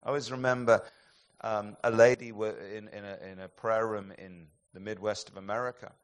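Man preaching with swelling, hushing intensity. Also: lowish voice, little pitch movement. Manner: impassioned storytelling, swinging between loud emphatic peaks and hushed, slow passages. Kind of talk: sermon.

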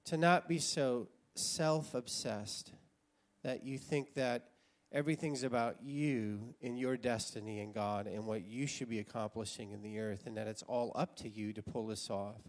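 An American man in his sixties telling a personal story as a sermon, animated and laughing often. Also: medium pitch, measured pace. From United States. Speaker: preacher.

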